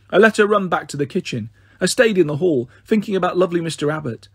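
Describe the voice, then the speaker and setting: A man narrating a children's novel in a steady, measured first-person reading. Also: sits high, slightly rough, dry recording, studio quality. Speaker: storyteller. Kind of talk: audiobook narration.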